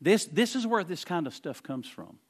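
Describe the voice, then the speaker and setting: A man preaching from the pulpit, his voice sitting high for a man. He leans hard on repeated phrases and swings from hushed asides up to ringing declarations. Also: very animated, normal speed. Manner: emphatic preaching, repeats phrases, swings between quiet and loud. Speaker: pastor. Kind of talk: sermon.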